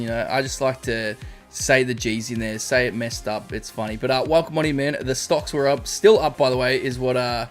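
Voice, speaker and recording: An Australian man with an ordinary mid-range voice chats casually on a live stream. He greets viewers one by one and wanders off into loose, rambling stories. Faint music plays behind him. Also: medium pitch. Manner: chatty, greets chatters by name, rambling storytelling.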